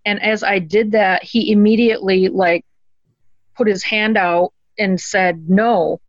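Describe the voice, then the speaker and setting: A woman earnestly telling a personal story as an interview guest, halting with ums and restarts. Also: mid-range voice, steady tone, dry recording, dull audio. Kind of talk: conversational storytelling.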